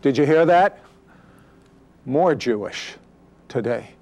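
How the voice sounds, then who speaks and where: A man's voice: on the high side, expressive, a little slow, darkish tone, no room sound. A man hosting an interview, who then turns to address viewers in an emphatic preaching style full of rhetorical questions. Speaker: interviewer and host.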